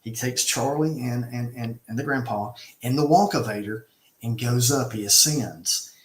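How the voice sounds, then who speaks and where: Animated man telling a story in an echoey room. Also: mid-range voice, normal speed. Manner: animated storyteller, emphatic, frequent restarts. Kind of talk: casual conversation, retelling a film.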